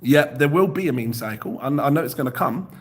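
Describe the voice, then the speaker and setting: A young man hosting a crypto livestream, chatting casually, reading out viewer comments and laughing often. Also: brisk. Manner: animated, jumps up in pitch when excited.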